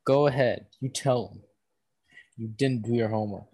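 A man's voice: mid-range voice, normal speed, slightly rough. A man co-hosting a podcast over a video call, trading teasing jabs in casual chat. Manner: teasing, bickering, deadpan jabs. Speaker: podcast co-host.

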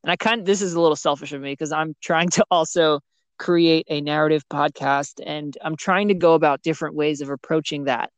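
A man hosting a podcast in a relaxed, conversational way. His voice is recorded dry and close, with no room sound, and he often fills his speech with "you know". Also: on the high side, a little fast, smooth, no room sound. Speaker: podcast host. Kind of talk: casual interview chat.

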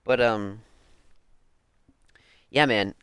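A young man hosting a music podcast speaks extremely slowly in a lowish, fairly bright, clear, resonant voice, delivering a casual yet heated rant. He's profane and slangy, full of "like" and "bro," with clean studio sound and no echo.

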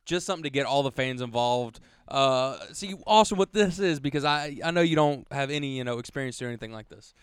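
A man's voice: mid-range voice, a little fast, hardly any pauses, clear, resonant tone, no echo, studio quality. A man hosting a casual podcast, wisecracking and explaining things at length. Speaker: podcast host.

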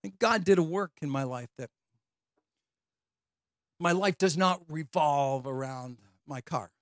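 A man preaching a sermon as a lively storyteller, acting out quoted voices and laughing as he tells a personal story. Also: fairly high pitch, unhurried, dry recording, studio quality. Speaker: pastor.

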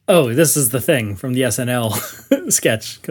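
A man cutting into a podcast chat with short, eager remarks. His pitch moves around a lot as he talks. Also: expressive, measured pace, breathy edge. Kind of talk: casual chat.

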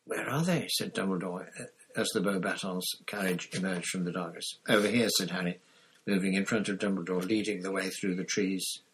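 A man narrating a storybook chapter in a steady reading voice, with an occasional slip and restart. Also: deep voice, fairly quick, low-quality recording. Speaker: audiobook reader.

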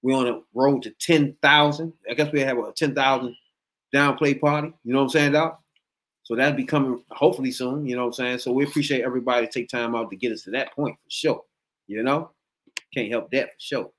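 A man hosting a casual podcast chat, animated, laughing often and acting out what people said. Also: medium pitch, brisk. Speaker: podcast host.

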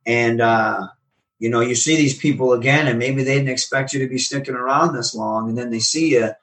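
A man's voice: medium pitch, a little fast, far from the mic, rough recording. A man, a professional wrestler, casually telling stories in an interview and animatedly acting out the conversations he recounts. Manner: animated, acts out quoted exchanges.

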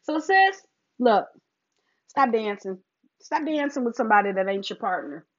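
A middle-aged woman talks faith to her listeners in a casual, preachy way, calling them sis. Her voice sits fairly high and swoops widely. The recording sounds dull and lo-fi. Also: animated, moderate pace. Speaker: faith talk host. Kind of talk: casual faith talk to viewers.

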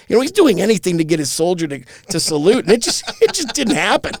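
A man co-hosting a comedy podcast, rambling through profane, animated storytelling. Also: high-pitched, fast, hardly any pauses, no room sound. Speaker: podcast co-host. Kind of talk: crude comedy podcast chat.

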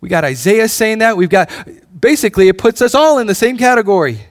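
Male pastor, higher voice, casual sermon delivery with restarts and rising intensity. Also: expressive, fairly quick. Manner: conversational preaching with frequent restarts, rising in intensity.

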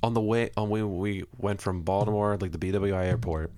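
A young man joking on a podcast, swearing freely and laughing loudly. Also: lowish voice, steady tone, a little fast. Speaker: podcast co-host. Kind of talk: casual banter.

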